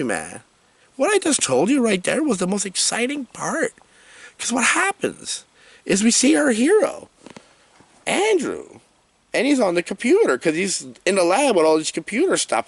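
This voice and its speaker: A man giving a comedic, rambling movie review rant in an animated, jokey way. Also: sits high, slightly rough, no echo.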